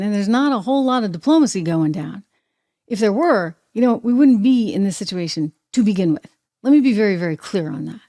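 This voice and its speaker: A woman with a New Hampshire accent hosting an opinionated political commentary show, talking in an animated, sarcastic way. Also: mid-range voice. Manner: animated, sarcastic, mimics people, laughs often.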